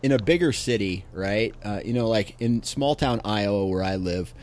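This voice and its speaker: Laid-back low-voiced man in his late thirties. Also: expressive, darkish tone. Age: late 30s. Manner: laid-back, laughs often, drawn-out storytelling. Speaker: podcast co-host. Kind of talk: casual chat.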